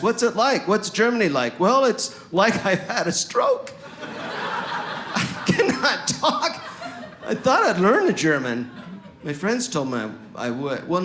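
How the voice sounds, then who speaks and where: A man from Utah doing stand-up comedy on stage, sarcastic and animated, with wry asides. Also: medium pitch, roomy sound, a little hiss or hum. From Utah, USA. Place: comedy stage before a live audience.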